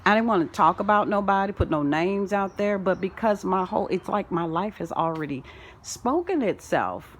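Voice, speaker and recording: A woman delivering a rambling spiritual monologue, full of wordplay and sing-song turns, swinging from loud declarations to soft asides. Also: medium pitch, lively intonation, moderate pace, a little hiss or hum. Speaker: spiritual self-help vlogger. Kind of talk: rambling spoken-word monologue.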